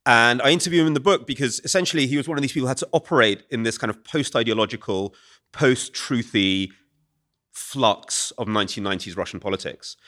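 A British man talking quickly and animatedly as an author being interviewed before a live audience. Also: mid-range voice. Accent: British English. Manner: fast, animated explaining. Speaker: author and guest. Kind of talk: conversational podcast interview.

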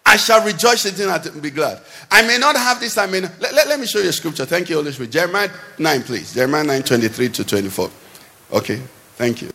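A man preaching a sermon in a church, with animated, sing-song delivery that swings between loud and soft. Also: a little high, fast talker, vocal fry. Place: church hall. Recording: long hall reverb.

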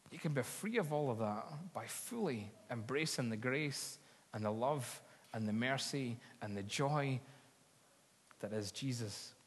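Husky preacher in a reverberant hall. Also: male voice, mid-range voice. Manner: earnest storytelling, building to fervent appeals. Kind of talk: sermon.

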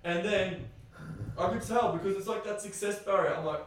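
A man's voice: sits high, normal speed. A man hosting a podcast, telling a story casually and animatedly, acting out dialogue and swearing freely. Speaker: podcast host. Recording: very echoey room, distant mic.

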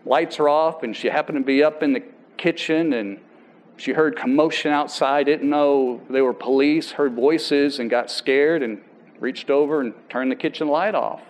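A man's voice: on the high side, low-quality recording. Man preaching a conversational sermon. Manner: conversational, halting restarts, quotes people aloud. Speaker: pastor. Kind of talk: sermon with personal story.

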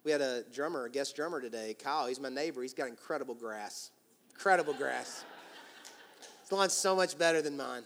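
A man preaching a sermon to his church, animated and acting out inner voices with quick asides to the congregation. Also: medium pitch, in a large hall. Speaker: pastor. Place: large church hall.

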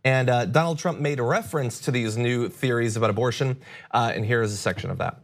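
A man's voice: mid-range voice, quick pace. Guy doing a dry sarcastic podcast bit. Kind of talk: scripted segment intro.

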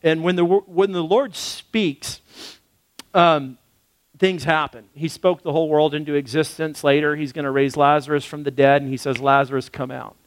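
A male pastor delivers a casual, animated sermon, slipping into acted-out quotes along the way. His voice sits high for a man. The sound is dry and close, with no room echo. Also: moderate pace.

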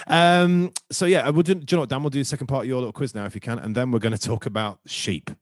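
A man's voice: medium pitch, fairly even intonation, fast talker, no room sound, studio quality. A man hosting a casual football chat on a video call, joking and self-deprecating, rambling from point to point. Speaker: podcast host.

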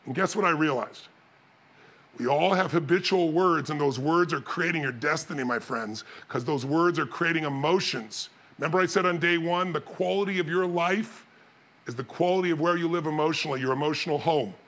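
A man giving a motivational seminar talk, telling stories with animated energy and bursts of shouting. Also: fairly high pitch, a little fast. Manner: animated storytelling, shouting and mimicking others. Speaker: motivational speaker.

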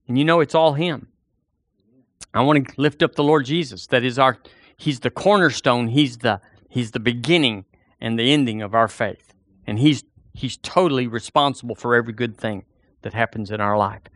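A man's voice: medium pitch, a bit bright, no echo, clean studio sound. A man preaching a sermon as pastor, folksy and storytelling, acting out the voices of the people in his stories.

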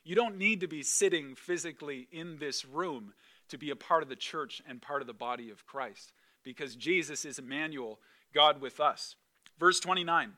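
A male pastor preaching a conversational sermon, animated and emphatic, with repeated phrases. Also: a little high, moderate pace.

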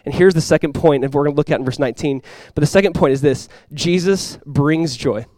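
A young man preaching a sermon as a pastor. He talks in a casual, conversational way with lots of "like," and swings from quiet, earnest lows to loud, excited highs. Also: a little fast, no room sound. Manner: casual and conversational, with many "like" fillers.

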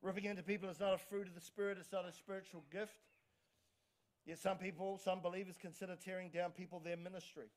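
A pastor preaching a sermon energetically, often restarting words and calling for amens. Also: male voice, high-pitched, quick pace. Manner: energetic, frequent restarts and stammers, calls for amens.

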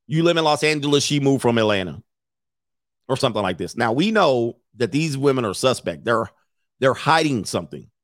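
Man, dating advice commentator, brash, profane, joking, mid pitch, dry close recording. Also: lively intonation, fairly quick, dry recording. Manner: brash, profane, joking delivery with mocking quoted voices. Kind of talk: casual monologue to viewers.

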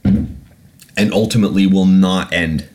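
Deep and steady, a bit mellow, and slow-paced, this podcast host's voice comes with a little hiss or hum. He delivers a casual, sarcastic, heavily sworn rant, getting irate over and over before apologizing.

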